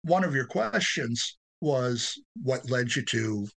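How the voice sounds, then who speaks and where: A man, a podcast guest, telling his story in an earnest, halting way with restarts. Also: medium pitch, animated, gravelly, fairly bright tone, poor audio. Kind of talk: conversational interview storytelling.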